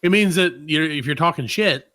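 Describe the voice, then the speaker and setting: A man's voice: on the high side, fairly quick, crowd noise. A man co-hosting a comedy podcast who trades wry quips and riffs in quoted bits. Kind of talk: casual comedic banter.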